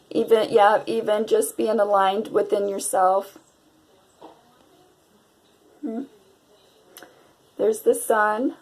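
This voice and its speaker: A woman's voice: mid-range voice, gravelly, a little mellow, poor audio. A woman giving a casual tarot reading to her viewers, dreamy and exclamatory. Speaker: tarot reader.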